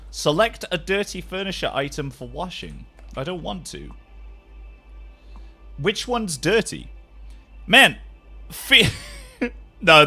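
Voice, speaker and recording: A man chatting casually with his livestream viewers, jet-lagged, animated, swearing freely and laughing often. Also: a little high. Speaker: live streamer.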